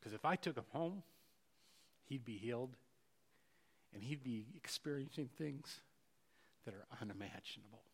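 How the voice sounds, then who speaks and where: A middle-aged male pastor preaching a sermon earnestly, repeating words and swinging between loud rises and quiet passages. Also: medium pitch, lively intonation, moderate pace, long pauses, breathy edge.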